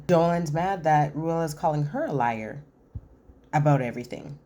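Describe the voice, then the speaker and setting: Woman host, low voice, chatty opinionated recap delivery with acted-out quotes. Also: dark tone. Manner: chatty, acts out quotes with many "like"s. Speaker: reality TV recap commentator. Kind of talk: casual show recap.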